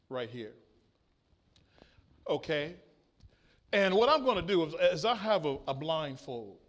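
Male pastor, high voice, call-and-response preaching that swings from soft to loud. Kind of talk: sermon with a live illustration.

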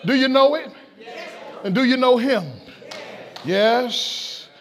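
Taking it slowly, a pastor with a very high voice preaches an impassioned Easter-style sermon in a church sanctuary, with a faint crowd in the background. He calls out to the congregation in shouting call-and-response.

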